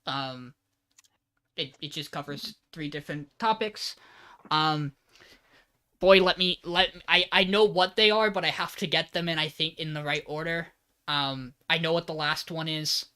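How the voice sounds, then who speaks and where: A podcast host with a bright, forceful tone talks through an anime episode in a loose, rambling way. The speaker slips into the characters' lines with lively energy. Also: medium pitch, measured pace, smooth. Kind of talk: casual anime recap podcast.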